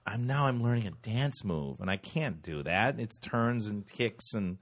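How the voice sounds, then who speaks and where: Man, low-leaning voice with a very lively pitch, cursing freely as he tells an anecdote. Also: unhurried. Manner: profane, animated anecdote telling with mimicked quotes. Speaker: actor and podcast co-host. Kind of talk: casual storytelling chat.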